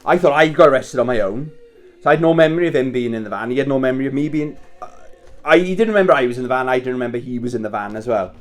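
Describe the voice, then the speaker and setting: A vlogger in his thirties, with a mid-range voice, races through a casual story while wrapping presents, swearing and chuckling along the way. Christmas music plays faintly in the background.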